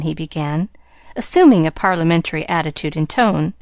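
A woman reading a classic novel aloud as an audiobook narrator, clear and measured. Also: low-pitched, expressive, a little mellow, dry recording, studio quality. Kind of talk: storybook narration.

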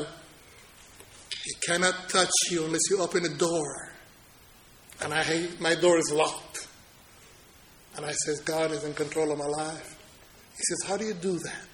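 A man preaching a sermon, telling personal stories and moving from loud proclaiming to quiet, low-key telling. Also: a little hiss or hum, poor audio. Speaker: pastor.

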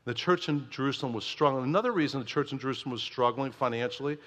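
A man preaching as pastor, telling a story in a lively, conversational way. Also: mid-range voice, very fast. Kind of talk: sermon. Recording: long hall reverb.

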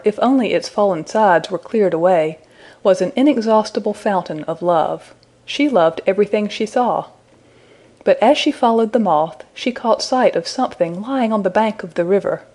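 A woman narrating a fairy tale as a scripted audiobook reading, in a measured storytelling manner. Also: mid-range voice, a little mellow.

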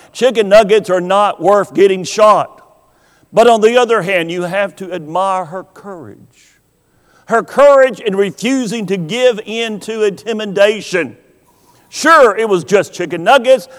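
A man preaching a sermon, asking the listeners rhetorical questions and pausing for effect. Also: high voice. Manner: rhetorical questions, dramatic pauses. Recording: long hall reverb.

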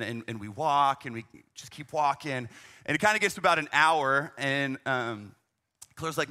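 A man's voice: a little high, sharp tone. A young man, a youth ministry leader, telling a travel story in a conversational way, full of "man" and "right?" asides. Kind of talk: storytelling talk.

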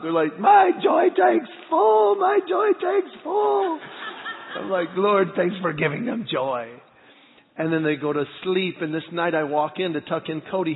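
Pastor guy telling stories about his kids, bit high voice, thin phone-ish sound, big echoey church. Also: gravelly. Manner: animated storyteller acting out family scenes. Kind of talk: sermon with personal storytelling. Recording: phone-like sound with long hall reverb.

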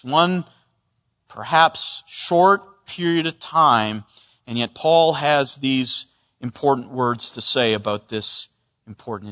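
A man's voice: medium pitch, a bit bright. A man preaching an expository sermon as a pastor, earnest and emphatic, often restarting and repeating words. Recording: long reverb of a large hall.

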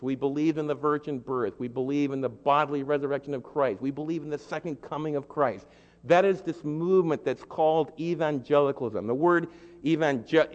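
A man from the East Coast of the United States preaching a sermon as pastor, using repeated rhetorical lists and questions and building to loud, emphatic peaks. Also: mid-range voice. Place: large church sanctuary. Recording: dull lo-fi sound in a reverberant hall.

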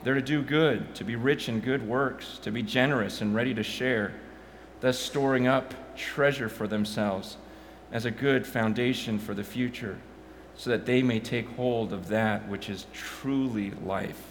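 A man preaching a sermon on a stage, telling a story with passion and frequent stammering restarts, at times nearly shouting. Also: mid-range voice, measured pace, a little hiss or hum.

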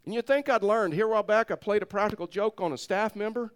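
Middle-aged male pastor, animated storyteller, slightly high voice. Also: fast, clean tone. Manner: animated storyteller, laughs through the tale. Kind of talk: sermon storytelling.

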